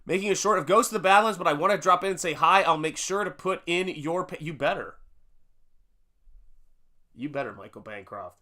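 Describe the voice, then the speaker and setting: He's an American painter hosting a live stream, upbeat as he greets chat viewers by name with frequent fillers. His voice is a little high, expressive and a little fast, with a sharp tone.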